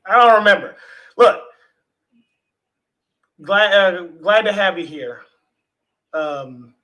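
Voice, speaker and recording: Man, livestream host, casual chat, slightly high voice, loose and swearing, home setup. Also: unhurried, pauses often, rough recording. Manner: relaxed, chatty, swears casually, talks to the chat.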